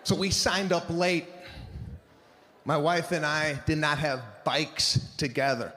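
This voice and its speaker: A man doing a stand-up comedy routine with animated, exasperated ranting. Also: fairly high pitch, slow pace, slight background noise. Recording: live stage with long reverb, faint ambience.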